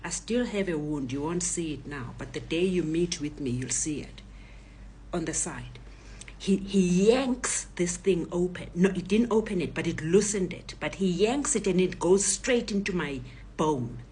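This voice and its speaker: A woman in her sixties with a South African accent, a retired professor telling her own story in a hushed, often whispery voice. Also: lowish voice, expressive, measured pace, slight background noise. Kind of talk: personal testimony.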